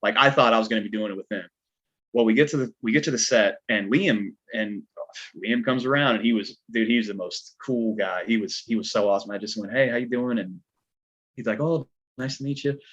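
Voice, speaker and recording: A man with a low, husky voice and a Southern American twang tells a story in a loose, rambling way, leaning on filler words. The audio is dull and lo-fi, like a home podcast setup. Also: brisk, a bit bright. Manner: laid-back, rambling, lots of filler words. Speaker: podcast guest, stuntman. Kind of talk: casual storytelling chat.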